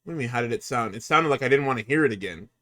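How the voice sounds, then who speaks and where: A man hosting a casual podcast, recapping a show in an exasperated, profane and animated way. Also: medium pitch, very fast. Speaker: podcast host recapping wrestling.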